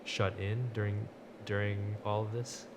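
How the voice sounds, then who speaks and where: A man's voice: on the low side, little pitch movement, unhurried, noisy background. A man co-hosting a podcast, asking questions hesitantly with many fillers. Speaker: podcast co-host. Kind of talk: casual interview questions.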